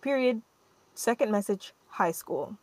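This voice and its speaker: A young adult woman hosting a podcast, telling a story in an animated, rambling way full of fillers. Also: medium pitch, measured pace, no room sound. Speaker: podcast host. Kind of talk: casual storytelling chat.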